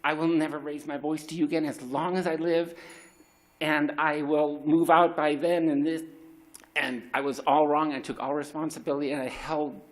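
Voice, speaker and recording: A man's voice: a little high, flat delivery, normal speed. A middle-aged man telling a raw, confessional personal story at a live story slam, swearing freely and restarting his sentences.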